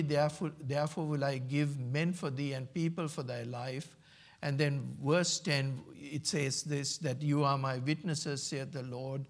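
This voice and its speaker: A man preaching a sermon in church, earnest and emphatic, quoting scripture aloud. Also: fairly high pitch. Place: church sanctuary.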